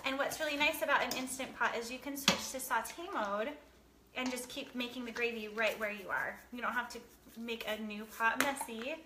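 A woman's voice: on the high side, fairly even intonation, normal speed, background noise. A woman hosting a casual home cooking video, explaining each step in a chatty way. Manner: chatty, explains steps while laughing easily. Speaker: cooking show host. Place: home kitchen. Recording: echoey kitchen with clattering dishes.

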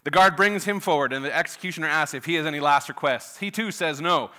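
Pastor guy, crisp bright tone, chatty sermon, lots of uh. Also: on the high side, fast. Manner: folksy, many filler uhs. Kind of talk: sermon with a joke opener. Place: church sanctuary.

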